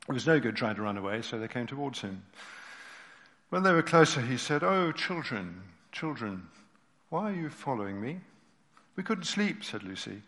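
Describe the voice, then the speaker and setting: A male preacher reading a story and expounding scripture, his medium voice swelling and falling to near hush. The long reverb of a church hall trails every phrase. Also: mid-range voice. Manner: expressive, dropping to near-whispers at moving moments. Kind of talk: sermon with read story.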